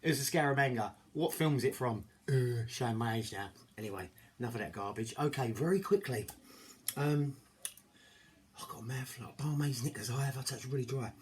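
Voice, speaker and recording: A man's voice: mid-range voice, brisk, a little mellow, breathy edge. A middle-aged man chatting casually to camera in his home kitchen, rambling and jokey. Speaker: home cooking vlogger. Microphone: camera mic.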